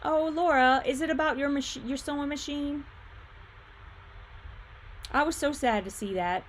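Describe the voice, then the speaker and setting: Chatting on a casual livestream, a woman who runs a quilt shop thinks aloud over viewer comments, laughs easily, and hums while fiddling with her screen. Her voice is high and her pace moderate, with a little hiss or hum in the audio.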